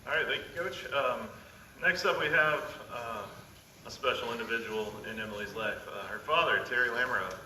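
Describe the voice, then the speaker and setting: A man emceeing a school ceremony, introducing each speaker with many pauses and fillers. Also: mid-range voice, bright, forceful tone. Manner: halting, filler-heavy introductions. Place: school signing ceremony hall. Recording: echoey room, distant mic, faint noise.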